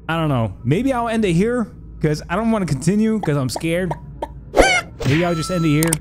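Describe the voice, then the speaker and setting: Young guy gaming, high lively voice, swings all over, game music going behind. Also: moderate pace, long pauses. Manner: jumpy, talks to the game baby, mock insults. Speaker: gaming YouTuber. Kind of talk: let's play commentary.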